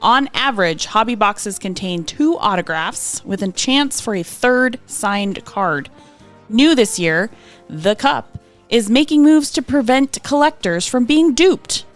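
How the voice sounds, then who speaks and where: A woman's voice: a little high, lively intonation, unhurried, soft background music. A woman co-hosting a podcast, reading out release details and adding dry asides. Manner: reads details, then adds dry asides. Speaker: podcast co-host.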